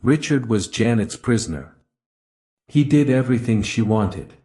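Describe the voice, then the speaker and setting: Man reading a learner story, really slow and clear, low dark voice. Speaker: story reader. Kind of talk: scripted narration for English learners. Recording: roomy echo.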